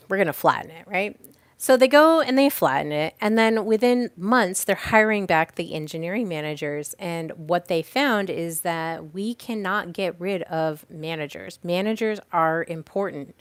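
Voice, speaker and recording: A woman's voice: on the low side, moderate pace, smooth, dry recording. A woman hosting a podcast, teaching about teamwork in a chatty, casual way with restarts and examples, speaking from home by a fireplace on a call. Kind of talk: casual teaching talk to a live audience.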